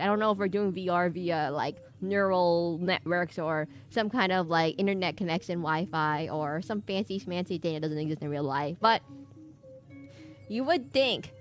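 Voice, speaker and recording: A woman's voice: lowish voice, moderate pace, soft background music. A woman streaming a video game, chatting casually in a rambling, giggly way with lots of "like" fillers. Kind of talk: casual gameplay commentary.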